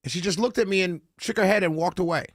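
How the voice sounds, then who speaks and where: A man's voice: sits high, quick pace, dry recording, studio quality. A man who hosts a radio talk show, casually telling a story and quoting each person he spoke with. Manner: recounts conversations, quoting each person in turn.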